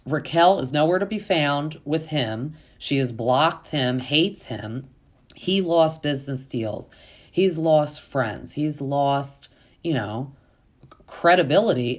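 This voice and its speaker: Low-voiced chatty woman recapping TV. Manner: chatty, opinionated, frequent "like" and "um" fillers; acts out quotes in quick voices. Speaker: podcast host. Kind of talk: casual reality TV recap.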